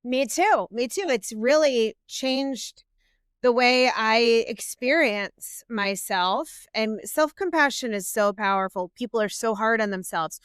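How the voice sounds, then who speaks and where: Female therapist, middle-aged, earnest interview guest; clear resonant voice, dead-dry sound. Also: a little high, expressive, slow, no room sound. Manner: warm, earnest explaining with quoted self-talk. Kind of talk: interview conversation.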